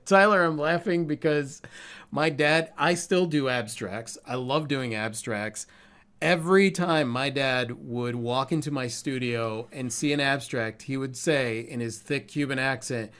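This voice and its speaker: A man co-hosts a casual art podcast. He sounds relaxed and candid, with everyday phrasing and the occasional swear word. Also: medium pitch, unhurried, smooth. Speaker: podcast co-host, artist.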